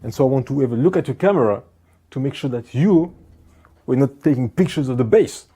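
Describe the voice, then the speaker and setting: A man's voice: medium pitch, animated, brisk, warm tone, breathy edge. A man retelling a story, voicing a pushy female police officer who demands to check his camera. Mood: insistent.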